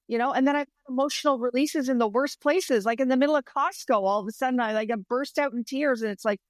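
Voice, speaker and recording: A woman's voice: high voice, a little fast, no room sound, clean studio sound. Candid woman in her fifties. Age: 50s. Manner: candid, storytelling, acts out her own inner voice. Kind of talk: casual podcast chat.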